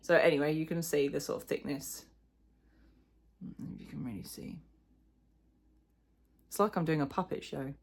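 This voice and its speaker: A woman's voice: low voice, steady tone, normal speed, gravelly, long pauses, darkish tone, slightly rough. A middle-aged woman chatting casually in a crochet vlog, rambling and self-deprecating, with plenty of fillers. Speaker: crochet vlogger. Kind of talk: casual chat.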